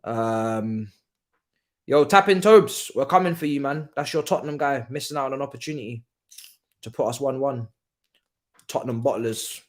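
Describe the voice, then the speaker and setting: A young man hosts a live football watchalong in a mid-range voice at normal speed, pausing often. He's excitable and slangy, laughs a lot, and alternates between loud outbursts and quiet asides.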